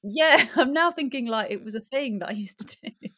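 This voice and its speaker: A woman's voice: high-pitched, animated, moderate pace, sharp tone. A woman from England, a podcast guest, chatting casually and giggling often. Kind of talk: casual chat.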